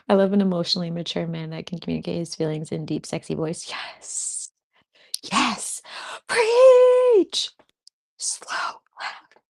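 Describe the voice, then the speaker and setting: On a livestream, a woman with a low voice laced with gravelly fry chats casually and reacts to viewers' comments, giggling often between remarks. She comes across like a spiritual host among friends, speaking fairly quickly with fairly even intonation and a slightly mellow tone.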